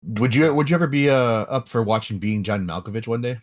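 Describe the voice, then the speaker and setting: A man's voice: mid-range voice, expressive, brisk. A man co-hosting a casual podcast chat, laid-back and chiming in with short remarks. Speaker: podcast co-host.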